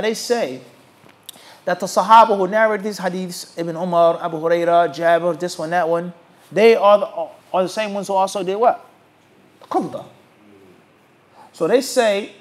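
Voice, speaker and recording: A man teaching a religious class, emphatic and animated, who keeps asking his listeners rhetorical questions and waits for them to answer. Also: sits high. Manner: rhetorical questions asked to the audience. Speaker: Islamic teacher.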